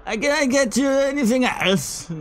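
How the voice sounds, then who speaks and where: A man putting on a high quavering old granny. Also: moderate pace. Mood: sweet. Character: frail elderly widow, pleading and flustered.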